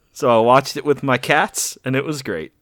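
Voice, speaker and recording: A man's voice: medium pitch, a bit bright, no room sound, clean studio sound. A man co-hosting a podcast, chatting casually about a movie and laughing often as he tells stories. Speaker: podcast co-host. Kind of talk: casual chat.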